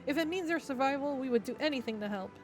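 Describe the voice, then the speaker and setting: A woman's voice: high voice, animated, fast, voice pushed up. A woman voicing an eager, slightly cheeky rabbit-like moon creature while reading game dialogue aloud, with faint music behind.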